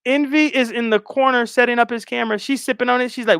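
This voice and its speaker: A man's voice: extremely high pitch, fast, few pauses, fairly bright tone, smooth, no room sound, clean studio sound. A man hosting a stream and giving casual, blunt, profane reaction commentary. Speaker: streamer host.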